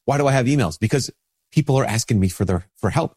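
A priest with a stuffy nose from a cold, giving an informal spoken reflection with many restarts. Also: male voice, on the low side, lively intonation, very fast, darkish tone, husky.

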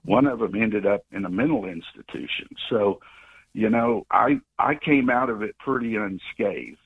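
A man in his sixties, a caller on a talk show, telling a personal story in a rambling, halting way. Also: on the low side, animated, creaky, slightly rough. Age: 60s. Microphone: phone. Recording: tinny phone line.

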